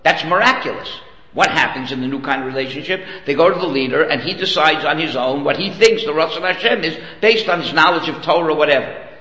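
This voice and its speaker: A Torah teacher with a rather high, pushed, bright voice talks quickly in a room with a big-room sound, in a low-quality recording. His conversational lecture includes a story, a joke, and rhetorical "okay?" questions.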